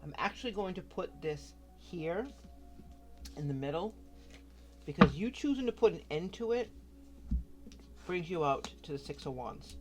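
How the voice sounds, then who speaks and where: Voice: mid-range voice, lively intonation, measured pace, long pauses, over music. A tarot reader giving a casual card reading straight to the viewer, talking frankly and cursing freely. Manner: chatty, frank, swears freely, addresses the viewer directly.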